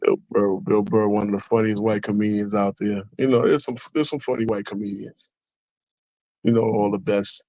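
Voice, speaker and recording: A man hosting a casual sports watch-along, excitable and swearing as he reacts to plays. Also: fairly low pitch, moderate pace, no echo, poor audio. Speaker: livestream host.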